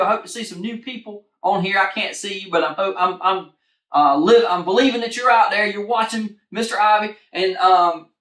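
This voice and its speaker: A woman's voice: mid-range voice, a bit bright. A woman leading a children's church lesson, upbeat and encouraging, talking straight to the kids. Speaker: kids ministry leader. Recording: echoey room.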